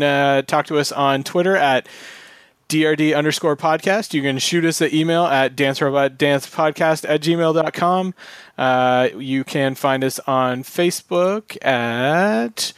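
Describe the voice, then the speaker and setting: A man's voice: fairly high pitch, smooth, no echo, clean studio sound. A man hosting a podcast, wry in the chat and plain as he signs off the episode. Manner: wry, wraps up the show with a plain sign-off. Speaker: podcast host. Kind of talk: casual chat.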